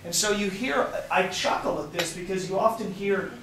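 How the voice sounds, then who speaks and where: A hoarse man working as a tour guide, talking emphatically and with preacher-like passion to a group outdoors at a historic site. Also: sits high, moderate pace, background noise. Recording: distant, echoey outdoor recording.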